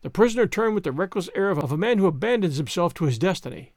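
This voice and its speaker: A man narrating a story in an expressive, animated reading style. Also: high voice, fast, no echo, clean studio sound. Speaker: audiobook narrator.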